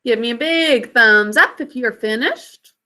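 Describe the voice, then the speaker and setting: A woman teaching a literacy lesson to young children, patient and encouraging, drawing words out slowly to sound out each syllable. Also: fairly high pitch, pushed and bright. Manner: encouraging, praises students by name. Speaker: elementary school teacher.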